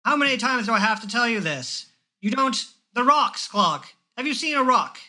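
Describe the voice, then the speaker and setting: A man's voice: very high voice, very animated, moderate pace, bright, forceful tone, pitched above the performer's own voice, heavily acted. Tim, a man doing an exasperated old man. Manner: fussy, lecturing, sighs. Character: exasperated older human man, pompous.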